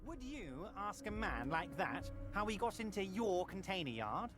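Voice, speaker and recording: A scheming old union boss. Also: male voice, high voice, very animated, normal speed. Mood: schmoozing. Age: older. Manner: smooth, ingratiating, theatrical. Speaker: union boss in a video game. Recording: game audio over loud music.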